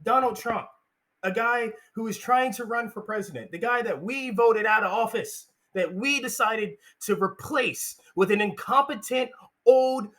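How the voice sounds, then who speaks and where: A man's voice: sits high, normal speed, pushed and bright. A young man hosting a solo political commentary, ranting in a heated, indignant and sarcastic way.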